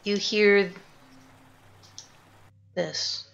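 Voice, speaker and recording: A woman runs a tabletop game at an unhurried pace. She narrates with hesitations and restarts. The recording is dull and lo-fi. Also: medium pitch, steady tone, gravelly, fairly bright tone. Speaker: game master.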